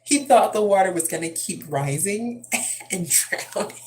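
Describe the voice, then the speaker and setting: A woman's voice: medium pitch, animated, measured pace, a little mellow, a little hiss or hum, low-quality recording. A woman, a mother, telling a home story in a chatty, rambling way, full of asides and fillers. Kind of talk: casual storytelling vlog.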